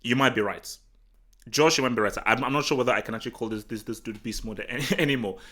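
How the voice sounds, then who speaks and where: A man from Nigeria hosting a live football talk stream, chatting casually and answering the chat in an excitable, rambling way full of restarts. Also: mid-range voice, fast talker. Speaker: football talk show host. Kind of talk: casual livestream commentary, reading the chat.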